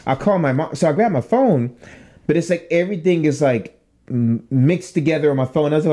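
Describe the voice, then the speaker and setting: Pitched on the higher side and moving a little quickly, this young male podcast co-host spins a lengthy, foul-mouthed tale during relaxed chat. He performs the quoted lines in character with lively energy.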